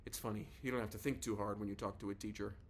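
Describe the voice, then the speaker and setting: A man reads a novel aloud in a casual, confiding first-person voice. His pitch sits on the low side, and a faint noise runs under the recording. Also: fairly even intonation, very fast. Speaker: audiobook narrator.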